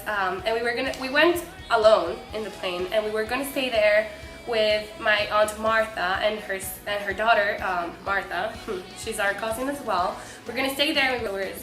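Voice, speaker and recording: Young woman vlogger, gushing and excitable, slightly high voice, roomy echo. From Mexico. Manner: excitable, gushing, many fillers. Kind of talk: casual storytelling. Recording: echoey room with faint music.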